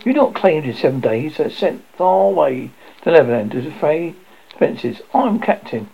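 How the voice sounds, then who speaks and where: A boastful boy adventurer, put on by a storyteller reading aloud, chatty and eager. His voice rises and falls a lot with a rough, gravelly grain. The recording is dull and lo-fi. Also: medium pitch, big pitch swings, moderate pace, exaggerated voice. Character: boastful boy hero, lively and cocky.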